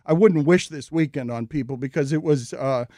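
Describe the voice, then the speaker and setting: A man hosting a podcast, chatting casually and getting animated as he talks. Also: a little high, moderate pace, dry recording, clean studio sound. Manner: animated, rising into exasperated retellings. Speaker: podcast host. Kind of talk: casual chat.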